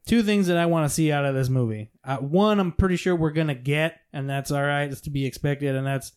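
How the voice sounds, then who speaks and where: A man's voice: a little high, fairly quick, a little mellow, clean tone. A man in casual chat, chatty and enthusiastic, explaining what he hopes to see.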